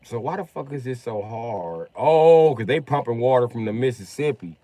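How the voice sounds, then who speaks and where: A man's voice: medium pitch, expressive, moderate pace, warm tone, no room sound. A man streaming gameplay, chatting casually and rambling with lots of profanity. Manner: profane, rambling, tosses in "you know what I mean".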